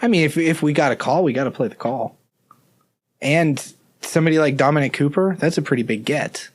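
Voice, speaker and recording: A man's voice: a little high, a little fast. A man co-hosting a podcast in casual chat, with dry sarcastic teasing. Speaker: podcast co-host.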